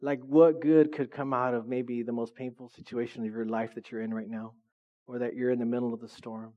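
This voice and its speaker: A man preaching a sermon as a pastor, lively and joking, acting out voices from his stories. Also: mid-range voice, a little fast. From California. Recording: dull lo-fi sound.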